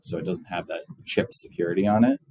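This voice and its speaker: A man's voice: low-pitched, huge pitch swings, quick pace, a little mellow, husky, low-quality recording. A man, a business co-founder, explaining things plainly as a guest in an interview. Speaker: guest, payments company co-founder.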